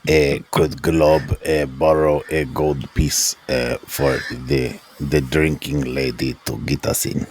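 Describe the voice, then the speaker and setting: A man voicing a slow, dim-witted male adventurer who speaks of himself in third person, halting as he talks. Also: a bass voice, flat delivery, darkish tone, slightly rough, exaggerated voice. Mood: pleading.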